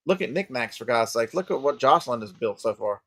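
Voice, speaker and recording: A man's voice: medium pitch, animated, fairly quick, a bit bright, no echo. A man with a Southern American accent, chatting casually and emphatically on a live stream, often repeating himself for emphasis.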